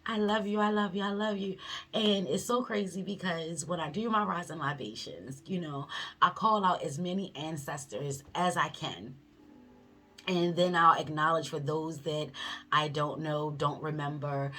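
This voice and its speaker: A woman with a fairly low voice shares a spiritual experience on her tarot channel. Her talk is heartfelt and emotional, loose and casual, full of easy slang. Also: fairly bright tone.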